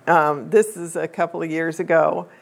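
A woman's voice: low-pitched, steady tone, gravelly. Older woman telling a family story. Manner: chatty, unhurried, with many um fillers and restarts. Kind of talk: personal storytelling to an audience.

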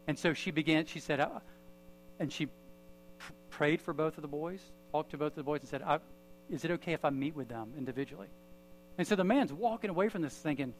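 A man's voice: a little high, lively intonation, a little hiss or hum, low-quality recording. A man preaching a sermon as pastor, telling a story and leading a prayer in a church. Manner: storytelling with pauses, then prayer.

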